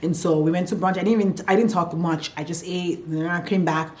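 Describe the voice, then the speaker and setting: A woman's voice: on the low side, steady tone, fast talker, a little mellow. A young woman telling a candid, emotional personal story in a casual vlog, swearing now and then. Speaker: vlogger.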